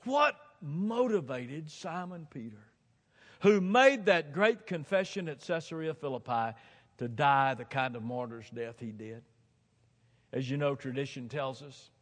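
A man preaching a sermon from a platform, swinging dramatically from hushed tones to shouting and hammering points home with emphatic repetition. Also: mid-range voice. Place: large hall, speaking from a platform. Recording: long hall reverb.

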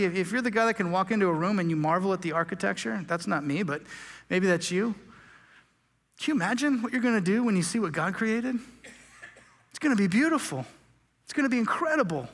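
A man's voice: high-pitched, a bit bright. A man preaching a sermon as pastor, joking and casual, stumbling over words and restarting often. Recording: long hall reverb.

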